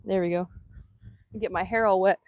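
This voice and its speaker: A woman vlogger chatting excitedly on a live stream outdoors, laughing often and filming on a handheld phone. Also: mid-range voice, moderate pace. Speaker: vanlife vlogger. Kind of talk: casual live-stream chat. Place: outdoors in Hawaii.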